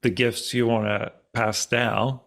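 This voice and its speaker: Gravelly man hosting an interview. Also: mid-range voice, level tone, fairly bright tone. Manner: affirming, asks long, halting questions. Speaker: podcast host.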